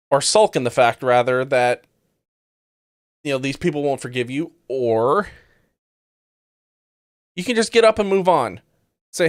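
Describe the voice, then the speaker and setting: Man, podcast host, blunt, sarcastic, cursing, slightly high voice, dead-dry room. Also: dry recording. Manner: blunt, sarcastic, swears freely. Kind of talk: casual commentary on news clips.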